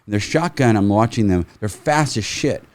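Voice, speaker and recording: A middle-aged man, a firearms trainer, telling stories in a casual, animated way, swearing freely and acting out quotes. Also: lowish voice, normal speed. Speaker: firearms trainer, podcast guest. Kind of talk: casual storytelling.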